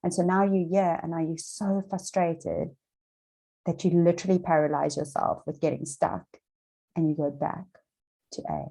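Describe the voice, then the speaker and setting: A woman's voice: low-pitched, fairly even intonation, normal speed, vocal fry, dark tone, low-quality recording. An Australian woman coaching viewers on manifesting in a chatty, encouraging motivational talk to camera, repeating her points and using plenty of fillers.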